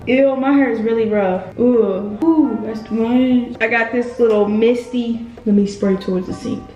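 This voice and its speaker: A young woman with a slightly high voice talks viewers through a hair tutorial in a loose, playful way, full of asides. She records in an echoey room. Music plays clearly behind her. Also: unhurried, mellow, muffled recording. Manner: chatty, playful, rambling asides. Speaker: beauty vlogger. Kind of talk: casual hair tutorial vlog.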